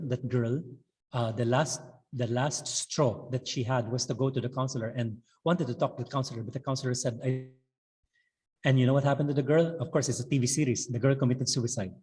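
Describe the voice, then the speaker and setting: A man's voice: mid-range voice, darkish tone, big-room sound, poor audio. A man in his fifties with a Visayan Filipino accent gives a webinar lecture to teachers, mixing English with Tagalog and tagging lines with "okay" and "no?". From Philippines. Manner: switches between English and Tagalog, frequent "okay" and "no?" tags. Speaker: teacher trainer.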